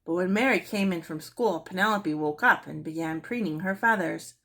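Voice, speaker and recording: A woman reading a children's book aloud in a gentle storytelling manner. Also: fairly low pitch, moderate pace. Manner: gentle storytelling, clears throat now and then. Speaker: reader.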